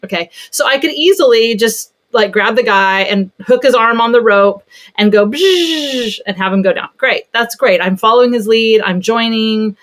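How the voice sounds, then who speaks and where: A woman pediatric therapist telling a story in a casual podcast conversation, animated and chatty. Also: fairly high pitch, moderate pace.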